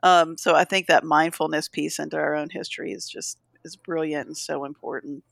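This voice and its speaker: Candid, encouraging woman, slightly low. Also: steady tone, brisk, gravelly, fairly bright tone, dry recording. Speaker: podcast co-host. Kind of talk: casual conversation.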